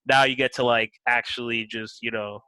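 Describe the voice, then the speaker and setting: Host man, bright voice, slangy hesitant chat, dry close mic. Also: mid-range voice, steady tone, normal speed, no echo, rough recording. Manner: hesitant, filler-heavy, slangy. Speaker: podcast host. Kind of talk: casual podcast chat.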